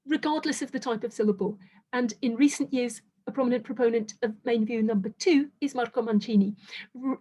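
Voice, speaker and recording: Woman lecturing, high voice, careful and precise, hedges her points. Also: a little mellow. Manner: measured, precise, carefully qualified. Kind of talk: academic lecture.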